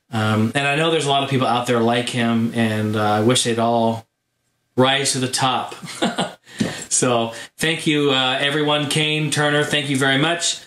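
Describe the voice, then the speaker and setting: A man hosting his gaming channel, telling a story in a casual vlog monologue, animated and full of fillers. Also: mid-range voice. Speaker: YouTube gaming channel host. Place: home room. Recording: roomy echo.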